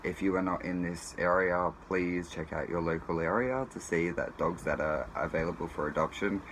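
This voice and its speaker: Deep-voiced man, casual vlog. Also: normal speed. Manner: relaxed, slangy, with fillers. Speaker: vlogger. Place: animal shelter. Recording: noisy shelter recording with barking dogs. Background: dogs barking.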